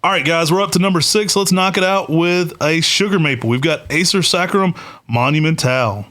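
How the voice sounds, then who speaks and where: A man's voice: fairly high pitch, fairly quick, a bit bright. A man co-hosting a podcast, chatting casually and with enthusiasm, with plenty of "uh" fillers. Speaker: podcast co-host.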